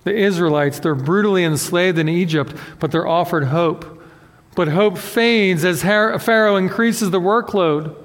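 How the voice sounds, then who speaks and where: Man preaching, high-pitched voice, animated, conversational sermon, long hall reverb. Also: measured pace. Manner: animated, self-deprecating, acts out quotes. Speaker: pastor.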